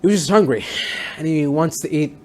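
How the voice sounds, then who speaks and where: A man giving a casual spoken review of a TV series, rambling with many fillers and restarts, sometimes acting out lines in quick voices. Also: a little high, dark tone. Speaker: show reviewer.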